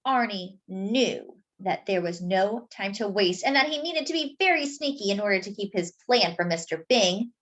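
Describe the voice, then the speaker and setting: A woman reading a children's picture book aloud in an expressive, animated way, with asides to her listeners. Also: medium pitch, moderate pace, hardly any pauses. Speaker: storyteller. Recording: dull lo-fi sound.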